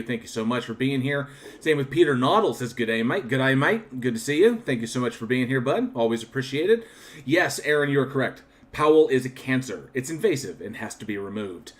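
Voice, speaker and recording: A man's voice: mid-range voice, expressive, fast talker. A man hosting a livestream, chatting casually and thanking viewers one by one, with frequent restarts and a candid, reflective manner. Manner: reflective and candid about his channel. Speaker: livestream host. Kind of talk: casual live-chat shoutouts.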